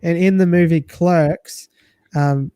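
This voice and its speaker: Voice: medium pitch, takes it slowly, clear, resonant tone, no room sound. Aussie host rambling casually on a live stream, dry close sound. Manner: relaxed, rambling. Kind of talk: casual chat.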